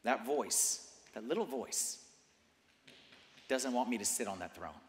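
A man preaching a sermon in a church, swinging from hushed passages to loud emphatic bursts and hammering points home with repeated phrases. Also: mid-range voice, expressive, unhurried, slight background noise. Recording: echoey church hall with long reverb.

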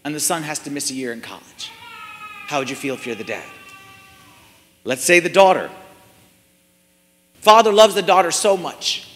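A man's voice: fairly high pitch, expressive, moderate pace, long pauses, fairly bright tone, in a large hall. A man preaching a sermon in a church, asking the congregation many rhetorical questions and repeating phrases for emphasis.

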